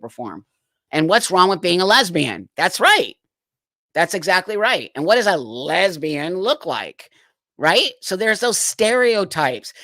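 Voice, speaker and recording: A man's voice: high voice, fairly bright tone, no room sound. A man hosting a livestream, reacting to clips with incredulous, exasperated commentary and frequent laughter. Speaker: livestream host.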